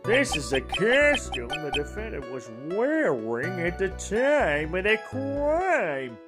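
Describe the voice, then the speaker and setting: A woman's voice: on the low side, big pitch swings, over music, pitched above the performer's own voice. A woman voicing a bumbling, nervous male police detective who stammers, reading game lines aloud. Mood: blustering. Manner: stammering, halting.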